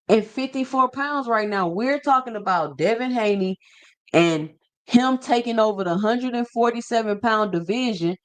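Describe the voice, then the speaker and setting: Animated livestream host chatting with viewers. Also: male voice, very high voice. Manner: animated, talks straight to chat, slangy. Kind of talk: casual livestream chat reading viewer comments.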